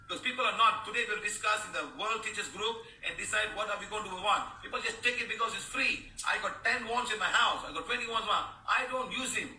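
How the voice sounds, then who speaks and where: Sixties male host, high and very bright, lively chatty delivery, off-mic in a roomy space. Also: quick pace, few pauses, recorded from a distance, a little hiss or hum. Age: 60s. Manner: animated, chatty, laughs often, addresses listeners as guys and sir. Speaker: founder of a healing movement. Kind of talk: live talk reading and answering viewer comments.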